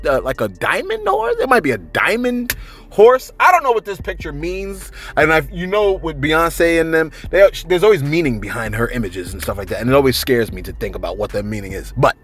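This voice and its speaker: Male gossip host, slightly high voice, very lively pitch, casual rambling delivery. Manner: rambling, reads viewer comments, frequent "you know what I'm saying". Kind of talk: casual chatty commentary.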